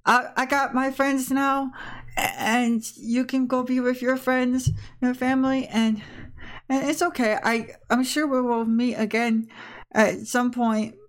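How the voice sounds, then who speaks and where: A woman voicing a kindly male Pokémon trainer who talks gently, stammering and halting. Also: high voice, flat delivery, voice pushed up. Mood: tender.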